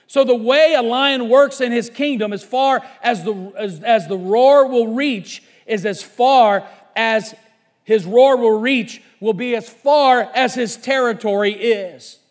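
Fervent pastor, very high voice for a man, preaching hard, then dropping to quiet asides. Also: slow. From Covington, Kentucky, USA. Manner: fervent preaching, swinging from shouts to low asides. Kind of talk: sermon.

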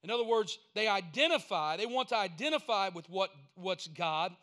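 A man delivers a sermon in a high, bright voice. He talks in a homespun, storytelling way and keeps building to emphatic, repeated points. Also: animated, normal speed. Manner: folksy storytelling preaching, rising to emphatic points. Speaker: pastor.

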